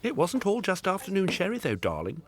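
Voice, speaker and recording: A man's voice: sits high, huge pitch swings, a little fast. Wry male documentary narrator. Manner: wry, playful. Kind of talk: scripted narration.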